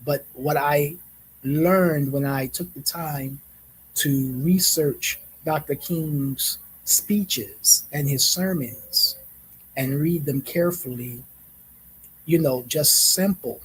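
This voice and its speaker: A man hosting a reflective monologue, speaking in a measured way, repeating phrases and often checking in with "right?". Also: fairly high pitch, fairly bright tone, slight background noise, low-quality recording. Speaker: host.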